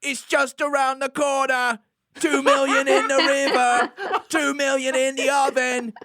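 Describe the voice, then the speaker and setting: A man voicing a male British punk singer, chanting in a raised, shouted voice. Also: extremely high pitch, completely flat delivery, measured pace, a little hiss or hum, voice pushed up, heavily acted. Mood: snarling.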